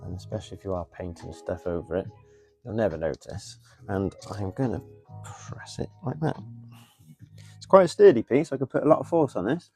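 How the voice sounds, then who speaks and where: A man's voice: on the low side, lively intonation, fairly quick, gravelly, over music. A man chatting casually on a live stream while he builds a model, muttering as he works and answering viewers. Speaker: model railway hobbyist streamer.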